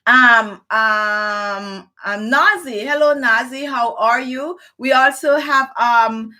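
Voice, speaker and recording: A middle-aged woman with a slightly high voice hosts a live beauty stream. She sounds very tired but stays chatty, rambling warmly and personally through her talk with plenty of fillers. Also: slow pace. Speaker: beauty vlogger hosting a live show. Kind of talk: chatty live stream, greeting viewers by name.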